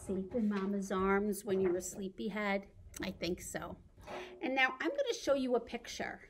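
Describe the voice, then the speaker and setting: A woman librarian leading a baby story time, reading a picture book aloud, singing simple songs and making animal sounds in a sing-song, animated way. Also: mid-range voice, moderate pace, slight background noise. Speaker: children's librarian.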